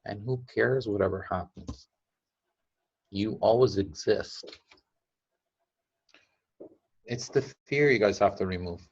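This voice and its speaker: A man gives a casual talk as a teacher. His voice sits fairly low and he laughs between points, acting out little quotes. The recording is dull and lo-fi. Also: takes it slowly, pauses often, husky. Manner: chatty, laughs often, acts out quotes. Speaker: teacher of a device-building group. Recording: dull lo-fi sound.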